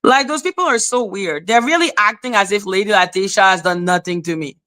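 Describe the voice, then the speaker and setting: A woman's voice: medium pitch, a little fast, sharp tone. A woman hosting a live stream, talking to her chat in a confrontational, scolding way. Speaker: livestream host.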